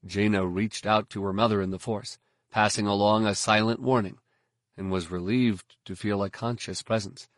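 A man reading scripted audiobook narration in a steady, even storytelling manner. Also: fairly low pitch, normal speed, dry recording, studio quality.

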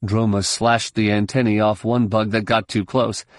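A man reading scripted narration for an audiobook in a measured, steady storytelling manner. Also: fairly low pitch, dry recording, studio quality.

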